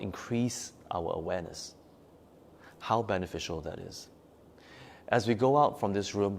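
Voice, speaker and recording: A male meditation teacher with a voice that sits a little low speaks to his group in a meditation room. He leans on repetition to drive each point home, and now and then he reads a viewer's comment aloud and answers it. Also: creaky, a little mellow, a little hiss or hum. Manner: emphatic, repeats key words for stress. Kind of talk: live-streamed teaching talk after meditation. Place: meditation room at a forest retreat.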